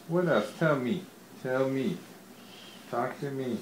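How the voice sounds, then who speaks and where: A man's voice: medium pitch, animated, takes it slowly, long pauses, a little mellow, slight background noise. Sing-song dad cooing at his baby. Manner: sing-song, repetitive coaxing. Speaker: father talking to his baby. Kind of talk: baby talk to an infant. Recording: roomy home-video sound.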